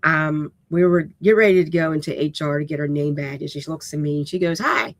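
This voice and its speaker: A woman's voice: sits low, steady tone, fast, dry recording. A woman hosting a live-streamed writing lesson, talking in a casual, direct and unapologetically raw way, often checking in with "okay?". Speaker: writing instructor and host.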